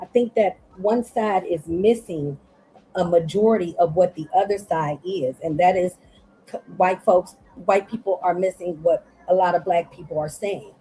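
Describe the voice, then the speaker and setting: A woman's voice: fairly low pitch, mellow, rough recording. A tired woman speaking earnestly on an online panel call, rambling and repeating herself as she makes her points. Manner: earnest, rambling, repeats "you know what I'm saying". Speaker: panel guest. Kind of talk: casual live panel discussion. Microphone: online call audio.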